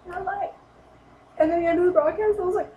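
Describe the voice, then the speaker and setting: A woman's voice: very high-pitched, fast. A young woman vlogger telling a story in a casual, rambling way, full of "like" and "and then". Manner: rambling, excited, lots of "like" and "and then". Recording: echoey room, light noise.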